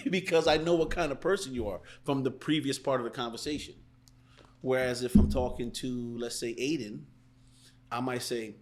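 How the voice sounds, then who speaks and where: Animated man acting out sales calls. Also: mid-range voice, a little slow, pauses often. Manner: animated, acts out sales calls in different voices. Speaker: sales coach guest. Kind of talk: casual interview chat.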